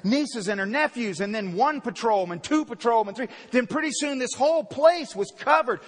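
A male pastor preaches in a church, hammering home key words and then dropping low to tell a story. His voice sits very high for a man. A long reverb trails after each phrase, as if he stands in a large hall. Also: lively intonation, moderate pace. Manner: emphatic, repeats key words, swings between loud and quiet. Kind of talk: sermon. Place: church sanctuary.

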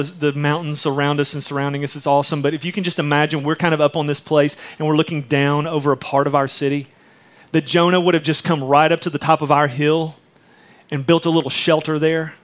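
Animated, conversational male pastor. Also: a little high, fairly quick. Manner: conversational, animated storytelling with acted-out quotes. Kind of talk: sermon.

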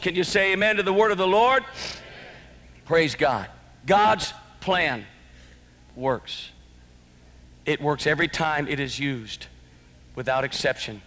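A man preaching a sermon as pastor, impassioned, swinging between shouted exclamations and hushed, earnest passages. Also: high voice. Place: church sanctuary. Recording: long church hall reverb.

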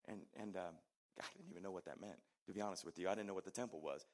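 A man's voice: low-pitched, racing. A middle-aged male pastor preaching a sermon, telling stories in a conversational way and putting asides to the congregation.

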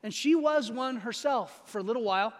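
A male pastor with a very high voice preaches a sermon in an easy, conversational manner, often pausing to ask "right?". His voice carries a long reverb from a church hall. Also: expressive.

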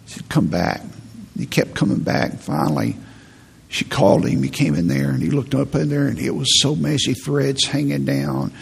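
A man's voice: medium pitch, moderate pace. A middle-aged male pastor preaching a sermon, telling stories in an earnest, pastoral way. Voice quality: gravelly, husky. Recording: long reverb in a large hall.

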